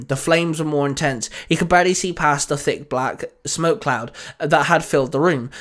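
A man reading a story aloud in a steady narrating manner. His voice sits a little higher than most men's, and he now and then trips over a word. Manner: steady narration with small slips. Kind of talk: reading fan fiction aloud.

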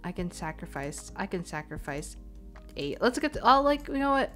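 A woman's voice: lowish voice, very animated, moderate pace, a bit bright, soft background music. Chatty young woman thinking aloud. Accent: Canadian English. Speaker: streamer. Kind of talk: casual live-stream chat while gaming. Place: home room, stepping away from the mic at times. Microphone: desk microphone.

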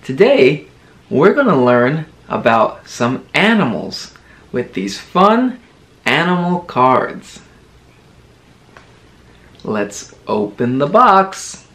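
A young man speaks to toddlers in a slow, patient voice, stretching every word out. His pitch leaps up and down as he models each new word. He sounds like a friendly early-learning teacher. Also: sing-song, a bit bright. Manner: slow, exaggerated, sing-song word modelling. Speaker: children's teacher.

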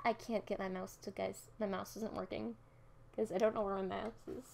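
A young woman chatting casually over her gameplay as a gaming video creator, excitable and giggly. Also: mid-range voice, normal speed, creaky, slight background noise.

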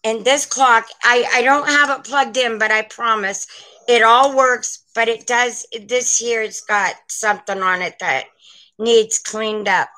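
Sex: woman. Role: vintage seller on a live stream. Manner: chatty, rambling, slow. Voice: bright, a little high. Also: fairly even intonation, low-quality recording. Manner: chatty, rambling, warm toward her viewers. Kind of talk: live-stream sales chat. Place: at home, indoors.

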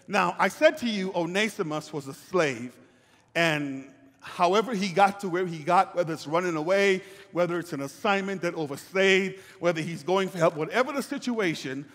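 A man's voice: high-pitched, normal speed, fairly bright tone, big-room sound. An older man, a pastor, preaching a sermon in a conversational way, with asides to the congregation.

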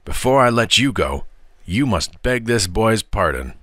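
A man's voice: fairly low pitch, very animated, measured pace, pushed and bright, no echo, clean studio sound, pitched above the performer's own voice, exaggerated voice. A man voicing an older schoolboy who protects the smaller boys and scolds a bully firmly. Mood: indignant. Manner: firm and scolding.

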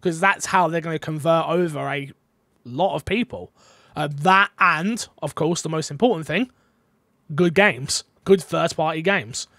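A man's voice: a little high, unhurried, bright, forceful tone, no echo, studio quality. A man hosting a casual gaming podcast, playful and teasing as he reads out listener questions. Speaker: podcast host.

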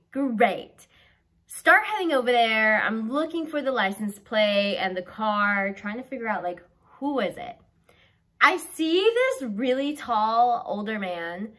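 A young woman from the South tells a storytime vlog in a chatty, animated rush, leaning on "like" at every turn. Her voice sits a little high and sounds bright and clear. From American South. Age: young adult. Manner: chatty and animated, heavy use of "like". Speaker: vlogger.

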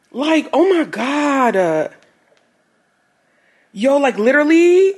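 A woman's voice: on the high side, husky. A young woman vlogging casually, often laughing and exclaiming in disbelief. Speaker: lifestyle vlogger. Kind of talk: casual vlog chat.

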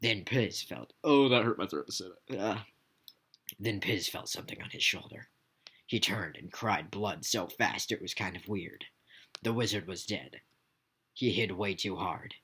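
A man's voice: lowish voice, unhurried, a bit bright, breathy edge. A man hosting a video, reading a silly story aloud, stumbling over the text and breaking into laughter. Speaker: YouTube host reading a story. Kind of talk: comic read-aloud with asides.

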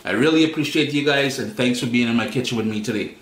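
A man's voice: medium pitch, fast talker, echoey room, slight background noise. A man hosting a home cooking demonstration, chatty and folksy, talking straight to his viewers. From Trinidad and Tobago. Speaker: cooking show host. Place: home kitchen.

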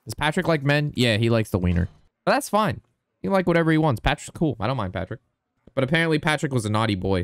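Excitable young man streaming a card game. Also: mid-range voice. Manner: excitable, swears a lot, rambling storyteller. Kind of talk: casual gameplay commentary.

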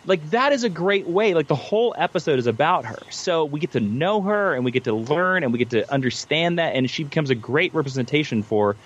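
Animated man with a dull lo-fi sound. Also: fairly high pitch, a little fast, hardly any pauses, breathy edge. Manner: animated, restarts and repeats words while thinking aloud. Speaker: guest, military veteran author. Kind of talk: casual chat.

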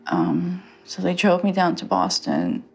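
A young woman telling her own story in a halting way, full of fillers and restarts. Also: lowish voice, sing-song, vocal fry, darkish tone, soft background music. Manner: halting, many fillers and restarts, quotes others. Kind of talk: personal testimony.

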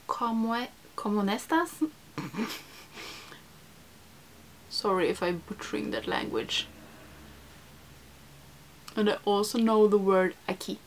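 A woman's voice: medium pitch, slight background noise. Chatty young woman doing a makeup vlog. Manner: chatty, self-deprecating, many fillers, drops into soft whispers while applying makeup. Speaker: beauty vlogger. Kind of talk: casual makeup tutorial chat.

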